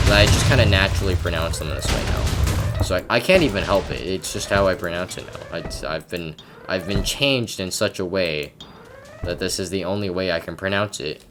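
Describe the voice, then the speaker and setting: Low-voiced rambling man with stammers. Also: a bit bright, slight background noise. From Canada. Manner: rambling, stammering with frequent word repeats; self-mocking and chatty. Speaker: gaming commentator. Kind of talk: casual gameplay commentary.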